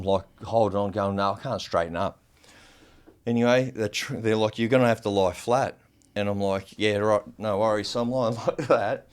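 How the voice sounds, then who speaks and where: A man, a podcast guest, telling a personal story in a casual, animated way, swearing freely and using lots of fillers. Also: fairly low pitch, clean tone.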